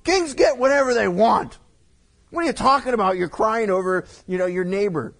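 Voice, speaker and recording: A man's voice: moderate pace, creaky, a bit bright. A man voicing a scornful, scheming queen in a mocking, pushy tone while retelling a scripture story in a sermon. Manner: mocking, pushy, high-pitched.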